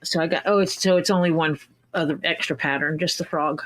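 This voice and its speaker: A woman's voice: low-pitched, steady tone, fast, fairly bright tone, slight background noise. A woman hosting a leatherworking livestream, chatting casually and rambling through stories with quoted back-and-forth. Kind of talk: casual chat.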